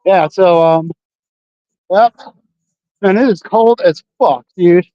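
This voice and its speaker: High-voiced rambling man streaming outdoors. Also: slow, no echo, muffled recording. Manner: rambling, profane, full of fillers. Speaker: livestreamer. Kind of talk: casual livestream chat. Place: outdoors on city streets at night.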